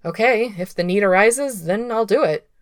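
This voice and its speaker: A woman voicing a playful, quick-witted young male cultivator who talks with bright, incredulous energy. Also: medium pitch, dry recording, clean studio sound, pitched above the performer's own voice, close to an everyday voice. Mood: questioning.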